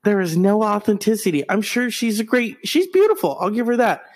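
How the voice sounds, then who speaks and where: A man's voice: high voice, sing-song, fairly quick. Sarcastic man heckling a TV show. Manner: sarcastic, crude and mocking, with exaggerated gasps. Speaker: podcast host. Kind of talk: mocking running commentary on a TV broadcast.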